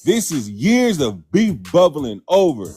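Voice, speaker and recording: Casting: animated man, fairly high voice, gossip storyteller over faint music. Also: measured pace. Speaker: commentator. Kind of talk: casual commentary video.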